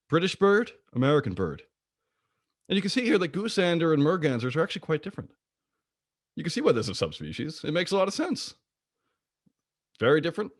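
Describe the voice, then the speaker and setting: A man presenting an online slide lecture about birds, playful and jokey, with wide swings in pitch. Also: no echo, clean studio sound. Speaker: guest presenter of a bird talk.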